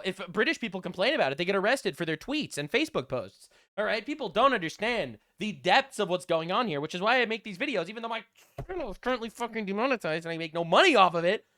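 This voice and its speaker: A man's voice: sits high, pushed and bright. A man hosting a reaction video, ranting bluntly and mockingly with crude words and stammering restarts. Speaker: reaction commentator. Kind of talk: casual profane reaction rant.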